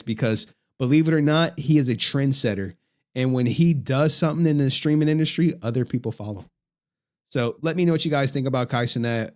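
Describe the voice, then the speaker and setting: A man chatting casually on a live stream, talking straight to his chat in a loose, profane way and laughing often. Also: mid-range voice.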